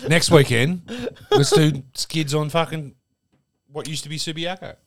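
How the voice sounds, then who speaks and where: A man's voice: fairly high pitch, steady tone, measured pace, a crowd in the background. Blunt, sweary Australian man. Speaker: podcast co-host. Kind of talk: casual chat.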